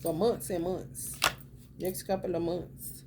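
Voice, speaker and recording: A woman giving casual spiritual commentary, blunt, profane and streetwise, drawing some phrases out and rushing others. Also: fairly low pitch, fairly even intonation, background noise. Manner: emphatic, swings between drawn-out and rapid phrases. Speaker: spiritual reader.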